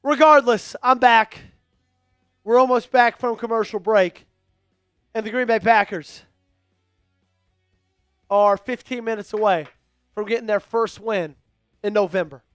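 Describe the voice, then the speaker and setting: A man hosting a live stream, calling plays and hyping up his viewers with excitable energy. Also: sits high, unhurried, pauses often, no echo, soft background music. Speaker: host of a team live stream. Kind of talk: live play-by-play commentary.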